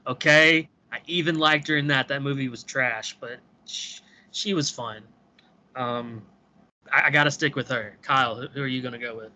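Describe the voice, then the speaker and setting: Bright-voiced man, measured podcast chat. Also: mid-range voice, steady tone. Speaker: podcast co-host.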